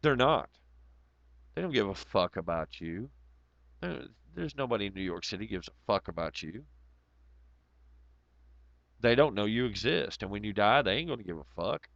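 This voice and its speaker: A man hosting a casual livestream. His voice is hoarse and nearly gone, and he rambles in a sardonic, profane way. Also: on the low side, sing-song, moderate pace, pauses often, fairly bright tone, dry recording, lo-fi sound. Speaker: livestream host.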